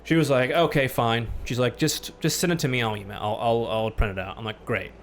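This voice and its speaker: A man ranting on a casual podcast, telling a story, swearing freely and getting loud when angry. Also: medium pitch, steady tone, a little fast, slight background noise. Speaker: podcast host.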